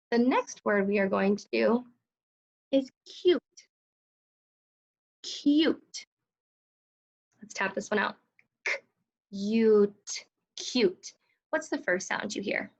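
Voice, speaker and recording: A second grade teacher with a medium-pitched, slightly fry-tinged voice leads young children through a phonics lesson slowly and carefully. Expressive yet patient, she sounds out each word, captured on a low-quality recording.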